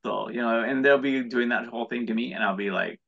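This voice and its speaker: Crowd noise sits behind this brisk, creaky, medium-pitched voice of an American entrepreneur. He's a guest in a casual interview, talking in an earnest, rambling way with frequent restarts on dull lo-fi audio.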